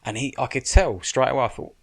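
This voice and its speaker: Fast-talking frank man, swears freely. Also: medium pitch, lively intonation, vocal fry, slightly rough. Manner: frank, swears, many restarts. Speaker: stunt coordinator and military adviser, guest. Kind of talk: casual podcast chat.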